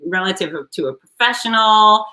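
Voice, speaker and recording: A woman's voice: mid-range voice, moderate pace, low-quality recording. A middle-aged woman from South Florida hosting a casual podcast, telling stories and acting out quoted voices. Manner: animated storyteller, acts out quoted voices. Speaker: show host.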